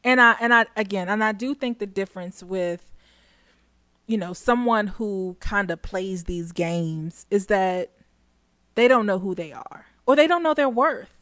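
A woman's voice: medium pitch, a little slow, fairly bright tone, no room sound. A woman talking through her thoughts on a casual talk show, circling back and restarting as she goes. Her voice sits in a middle range and the sound is dry and close. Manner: reflective, frequent self-restarts, laughs often. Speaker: podcast co-host. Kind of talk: casual chat.

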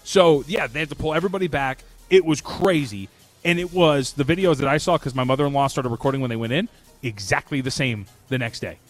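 A man's voice: mid-range voice, fairly quick, faint music behind. A man co-hosting a sports talk radio show, giving emphatic, opinionated takes. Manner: opinionated, emphatic, self-mocking. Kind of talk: casual sports radio banter.

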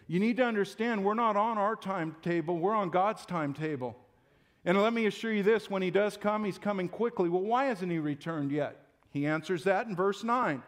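High-voiced man preaching a sermon. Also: normal speed. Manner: emphatic, conversational preaching. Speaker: pastor.

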